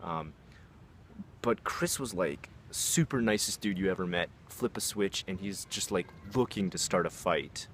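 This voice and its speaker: Deep-voiced young man telling a story. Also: measured pace, slight background noise. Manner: rambling, many fillers and asides. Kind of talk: casual storytelling.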